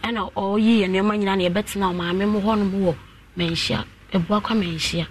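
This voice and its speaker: A woman calling into a radio show, telling her life story in a soft, steady voice. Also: medium pitch, normal speed, a little hiss or hum. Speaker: caller.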